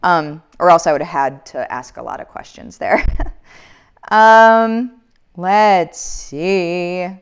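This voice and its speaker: A woman in her thirties hosts a casual live Q&A, reading viewer comments in an upbeat, motivational way. Her voice is on the low side, slow and clean in tone.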